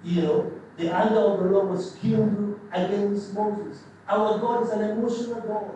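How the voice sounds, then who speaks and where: Male pastor, high mellow voice, emphatic and repetitive; church hall with heavy echo, mic at a distance. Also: fairly even intonation, moderate pace, a little hiss or hum. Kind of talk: sermon.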